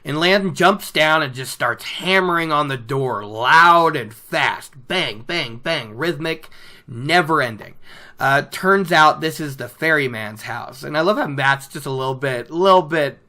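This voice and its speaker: A podcast host recapping a book chapter in casual chat, animated and laughing often. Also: mid-range voice, a little slow.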